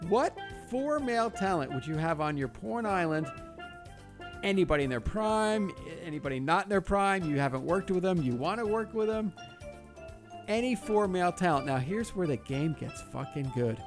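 A man's voice: high voice, expressive, moderate pace, music in the background. A man co-hosting a podcast in casual chat, joking crudely and swearing freely. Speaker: podcast co-host.

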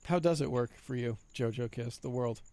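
A woman's voice: a bass voice, moderate pace, mellow, no echo. A woman hosting a casual chat, teasing and crude.

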